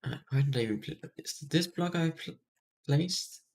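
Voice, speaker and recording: A man's voice: on the high side, moderate pace, a little mellow. A man thinking aloud while building in a game, mumbling and self-deprecating, in casual gameplay commentary. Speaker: streamer.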